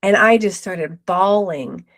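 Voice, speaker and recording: A middle-aged woman, a podcast guest, telling a personal story with lively retold quotes. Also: medium pitch, slow. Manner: animated retelling with acted quotes.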